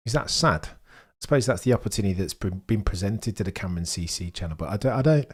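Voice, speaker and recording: A young man hosts a live watchalong stream. He talks casually and excitedly to his chat, and his voice sits a little low. He jokes and riffs with the viewers as he goes. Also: fast talker, slightly rough.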